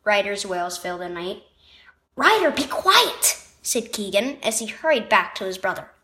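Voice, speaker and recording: A woman's voice: mid-range voice, fairly quick, fairly bright tone. A woman narrating a children's devotional story reading in a storytelling manner. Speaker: devotional reader.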